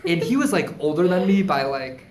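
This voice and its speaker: A chatty show host telling animated stories in a casual, playful way. The voice leaps up into a squeaky register to quote people. The recording is echoey, with faint ambience in the room. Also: a little fast, a little hiss or hum. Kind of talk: casual chat.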